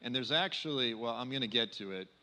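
A man's voice: mid-range voice, fairly quick. Man preaching in a reverberant hall. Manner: conversational, animated, many fillers. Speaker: speaker at a church. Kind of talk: sermon talk.

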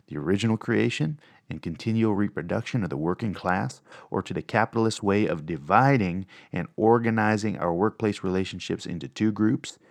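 Low-voiced rambling podcast host, dry sound. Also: male voice, gravelly, dry recording. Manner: rambling, swearing, frequent ums and uhs. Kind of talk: casual monologue podcast.

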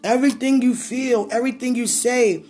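A woman speaking intimately and effusively to her husband, sighing and exclaiming often, swinging between high excitement and low murmurs. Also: moderate pace, faint music behind. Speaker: wife talking to her husband. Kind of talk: intimate casual talk to a partner.

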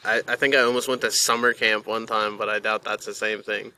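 A man's voice: lowish voice, level tone, fairly quick, bright, forceful tone, low-quality recording. A man in his twenties, a podcast guest chatting casually, laid-back and swearing offhandedly. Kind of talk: casual chat.

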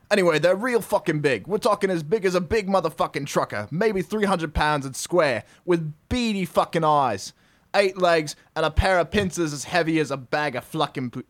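Man doing a bad Aussie accent, gruff rulebook narrator, loud and cocky. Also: fairly high pitch, natural voice. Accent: put-on Australian. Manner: loud, strained, swaggering delivery. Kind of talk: comedic dramatic reading of game rules.

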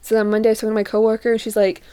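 A young woman telling a personal story in a casual, animated way, acting out what she and her friends said. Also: fairly high pitch, rapid-fire, clean tone. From living in Utah. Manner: animated, acts out her friends and herself in quoted voices.

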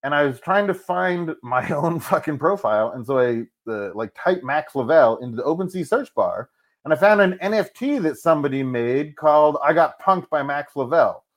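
A man speaking candidly and profanely as an interview guest, animated and open. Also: fairly high pitch, moderate pace. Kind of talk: casual interview talk.

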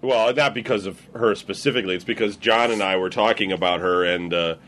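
A man's voice: lowish voice, a little fast, a bit bright. A man chatting casually on a podcast, rambling and hesitant as he tells a story. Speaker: podcast co-host. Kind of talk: casual chat.

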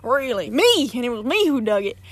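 A woman's voice: on the high side, very animated, fairly quick, dry recording. A woman guest telling a story casually and dramatically, repeating phrases for effect.

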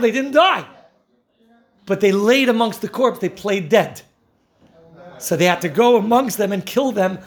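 A man giving a lively Torah talk, telling the stories with animation and frequent laughter. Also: high-pitched. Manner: animated storytelling, laughing often, mixing Yiddish and Hebrew terms. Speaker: Torah teacher.

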